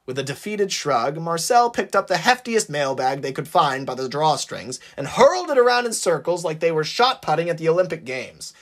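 A narrator reading a fan-written story aloud in an expressive, animated way. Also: medium pitch, moderate pace, hardly any pauses.

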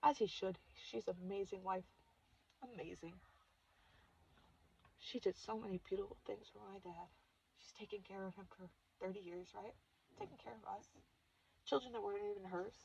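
A woman's voice: medium pitch, normal speed, vocal fry, long pauses, darkish tone, husky. A woman in her thirties telling a personal story on her vlog in an emotional, confessional way. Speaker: vlogger. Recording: dull lo-fi recording.

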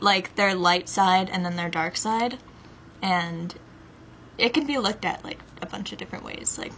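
A woman's voice: mid-range voice, sharp tone, slight background noise. A woman in casual chat to camera from her bedroom, tired and rambling with lots of "like" and "um" fillers. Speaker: vlogger.

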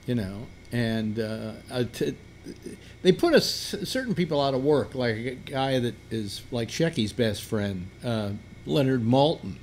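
Halting, rambling male talk host. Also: medium pitch, animated, a little mellow, a little hiss or hum. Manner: rambling and halting, many restarts; playful, teases callers. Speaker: radio talk show host. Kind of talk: casual call-in chat.

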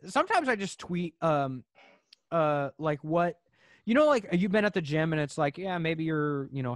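A man's voice: fairly high pitch, expressive, normal speed, dry recording, clean studio sound. A young man chatting casually as a podcast guest, hesitant and jokey, with many restarts. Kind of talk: casual chat.

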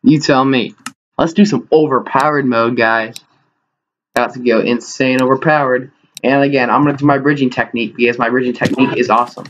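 A young man talks over his own gameplay in a middle-pitched voice, quick to exclaim and quick to mock himself. The recording is noisy, with mouse clicks heard behind him. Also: highs cut off. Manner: excitable, self-mocking, exclaims often. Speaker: gaming YouTuber. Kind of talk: live gameplay commentary.

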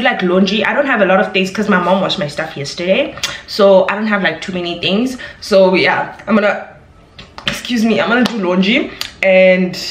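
A woman's voice: medium pitch, a bit bright, slight background noise. Woman, about twenty, rambling vlog chat, roomy echo behind her. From South Africa. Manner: rambling, filler-heavy, chatty. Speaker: vlogger. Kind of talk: casual chat to camera. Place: at home indoors. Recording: echoey room.

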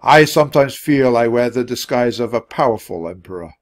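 A man doing a calm, wise Roman emperor. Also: medium pitch, natural voice. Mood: dignified. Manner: measured, dignified speech.

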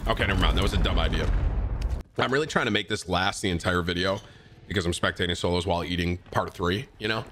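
A young man streaming, chatting casually and excitably over gameplay while eating. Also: on the low side, brisk, heavy background noise.

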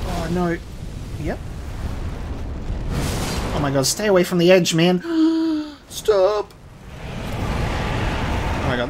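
A man commentating his own video game playthrough, excitable and panicky, swearing, yelping and laughing through a boss fight. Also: on the high side, noisy background. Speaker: gaming streamer. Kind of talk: live let's play commentary.

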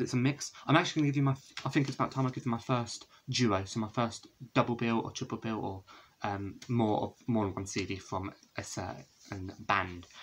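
In a windowed room at home, a young man vlogs about his CD collection, rambling along with many fillers and corrections of himself. His voice is lowish but a bit bright, and the rough recording has a little hiss or hum.

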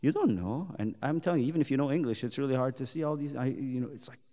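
Speaking fast in a mid-range voice, a man guides young people through a Bible study in an echoing church hall with long reverb. The talk is casual and lively until he reads scripture, giving God's words forceful emphasis.

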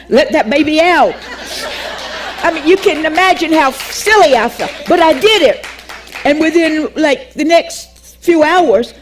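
An older woman leads a Bible class, recounting a personal story with lots of energy, performing the dialogue and laughing frequently. Her voice sits high.

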